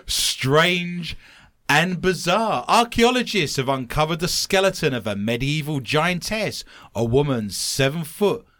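A man's voice: on the high side, unhurried, dry recording. A man hosting a comedic podcast, joking and reading odd news stories aloud. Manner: jokey, animated, reads news stories aloud. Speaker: podcast host.

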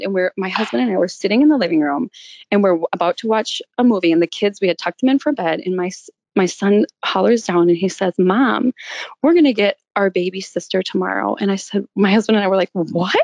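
A woman's voice: mid-range voice, fast talker, a little mellow, no echo, dull audio. A woman in her thirties, a guest on an interview, telling a personal story with emotion, near tears at times and laughing. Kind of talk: candid interview.

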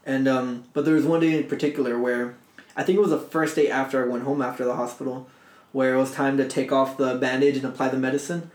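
A young man telling a story to friends in casual chat, animated and swearing. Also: medium pitch, fast talker. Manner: animated, swearing, laughs through his story. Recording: echoey room.

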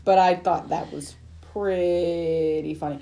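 A woman's voice: low voice, steady tone, slow pace, creaky, mellow. A woman hosting a casual podcast, reading out film reviews and laughing through her own lines. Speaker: podcast host.

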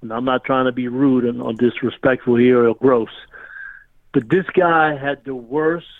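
A man's voice: medium pitch, steady tone, normal speed, no echo. Rambling storyteller man on a tinny phone line. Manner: rambling, says "you know what I mean" often. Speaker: guest. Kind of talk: casual storytelling.

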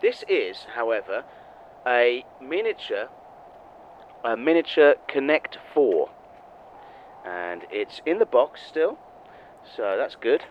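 A man's voice: medium pitch, sing-song, slow, long pauses, highs cut off, slight background noise. A man co-hosting a comedy podcast, wry and rambling, swearing freely. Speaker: co-host.

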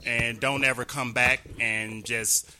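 Brief: blunt man co-host, sharp and very bright tone. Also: mid-range voice, little pitch movement. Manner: blunt, quick bursts of cursing. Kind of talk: casual profane podcast rant.

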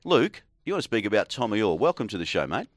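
A man's voice: fairly low pitch, sing-song, fast talker, dry recording, studio quality. An Australian man hosting a sports radio show in casual, jokey banter, calling the breaks and taking callers. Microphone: studio microphone.

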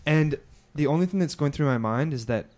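A man's voice: a little high, lively intonation, fast, darkish tone. A man on a podcast telling a long story in casual chat, rambling with many fillers and restarts. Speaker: podcast co-host.

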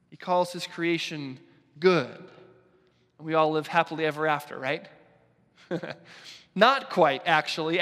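A male pastor preaching a sermon in a church, with a deliberate, emphatic delivery and dramatic pauses. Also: high-pitched, fairly bright tone. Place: church sanctuary. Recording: long church reverb.

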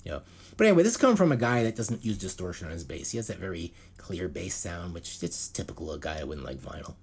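Husky man, lively rambling pitch. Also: fast. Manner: rambling, heavy on fillers and restarts. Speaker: podcast co-host. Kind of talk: casual chat.

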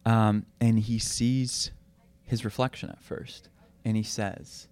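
A young man tells a story in an earnest, easygoing way, with plenty of ums along the way. His voice is smooth and resonant, recorded close and dry with no room sound. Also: fairly low pitch, unhurried, no room sound. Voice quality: relaxed, filler-heavy, earnest. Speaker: guest. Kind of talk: casual faith chat with storytelling.

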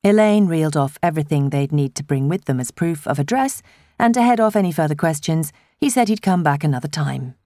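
A woman reads a novel aloud in a low voice, with a lively, rolling melody. Her storytelling is expressive and measured. The sound is dry and close, with no room echo. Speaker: audiobook narrator. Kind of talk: scripted narration.

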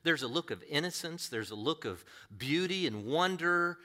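A man's voice: fairly high pitch, expressive, moderate pace, sharp tone. A man preaching a sermon as a pastor, earnest and conversational, often posing rhetorical questions to his listeners.

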